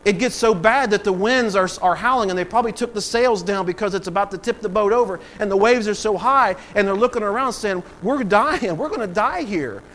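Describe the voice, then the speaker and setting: A man's voice: sits high, fast talker, few pauses, fairly bright tone, low-quality recording. A man preaching a sermon as pastor, acting out voices and swelling in volume for emphasis.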